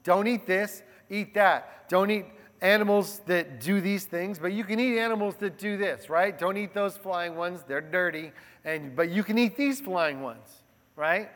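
A male pastor giving a sermon in a conversational, animated way, often checking in with the congregation. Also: high voice, unhurried. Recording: long hall reverb.

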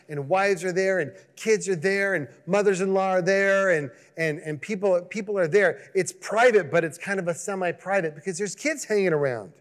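In a large hall, a male pastor delivers a chatty, lively sermon at a moderate pace with hardly any pauses, his voice sitting high. He performs quoted voices and asks the congregation questions.

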